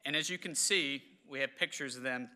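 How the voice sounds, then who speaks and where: A man, giving a halting, emotional memorial ceremony speech in a large hall. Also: medium pitch, bright, forceful tone. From southern West Virginia. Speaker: government official speaker.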